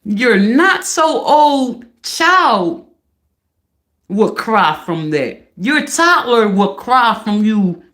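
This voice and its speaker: A woman livestreamer ranting loudly and profanely on a live stream. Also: on the high side, extremely slow. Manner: loud, profane, animated ranting.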